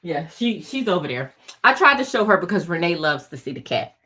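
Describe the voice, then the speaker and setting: A crafting channel host with a fairly low, husky voice, she sounds very animated, bright, and forceful, speaking fairly quickly. Hosting a casual crafting livestream, this woman chats in a bubbly way, laughs often, and talks directly to viewers.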